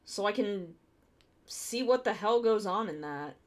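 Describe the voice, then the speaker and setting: A woman's voice: mid-range voice, animated, measured pace. A woman streamer chatting casually and thinking aloud as she builds a model kit live. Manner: chatty, thinking aloud while working with her hands.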